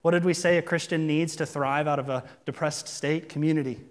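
Speaking briskly in a slightly high, steady voice, a male pastor preaches a sermon with an earnest, conversational feel and rhetorical questions. He is in a church sanctuary, and the big hall leaves a long echo on the recording.

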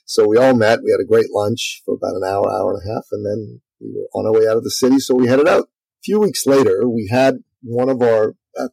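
Male business coach guest, energetic storyteller, husky voice. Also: mid-range voice, no room sound, low-quality recording. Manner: energetic, lively storyteller, acts out quotes. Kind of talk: storytelling in a conversational interview.

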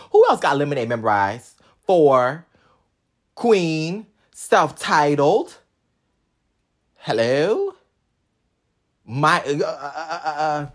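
A vlogger in casual, sassy chat to camera, rambling and teasing the audience, with bits of singing. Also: mid-range voice. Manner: breaks into snatches of song.

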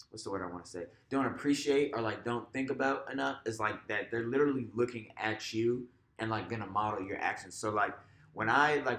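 A man, a teacher co-hosting a podcast, talking in a relaxed way full of "like" and "you know," sometimes acting out what he says in class. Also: lowish voice, roomy sound. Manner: relaxed, filler-heavy, acts out classroom voices. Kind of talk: casual conversational chat.

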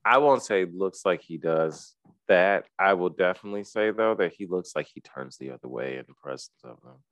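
A man co-hosting a casual podcast chat with a stuffy nose, talking in a profane, joking way with sudden high-pitched outbursts. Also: normal speed, no echo. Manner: animated, profane, jokey, bursts into high-pitched exclamations. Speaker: podcast co-host. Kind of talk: casual chat recapping a TV series.

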